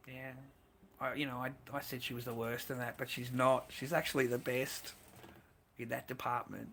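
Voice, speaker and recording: A man's voice: mid-range voice, vocal fry, pushed and bright. A man hosting a stream who talks in a crude, profane and rambling way. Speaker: streamer host.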